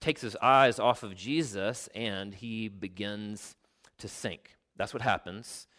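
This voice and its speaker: A man preaching a sermon, telling stories with animation, explaining the original Greek, and dropping to a quiet, slow voice for emphasis. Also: lowish voice. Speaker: pastor.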